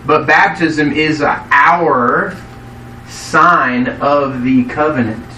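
A man's voice: fairly high pitch, very slow, pushed and bright, a little hiss or hum. Preaching man in an echoey hall. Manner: conversational, asks the congregation questions. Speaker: pastor. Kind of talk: sermon. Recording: echoey hall, mic from a distance.

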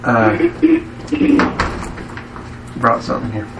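Here the pastor sounds lower and slow, with little movement in pitch, and the recording is very noisy. He still preaches conversationally, often questioning his listeners, while a far-off mic captures the echo of the hall.

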